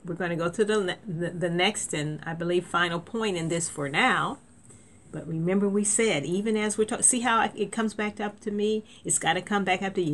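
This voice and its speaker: A woman's voice: lowish voice, normal speed. A woman preaching an informal sermon, conversational and emphatic, with frequent laughs and restarts.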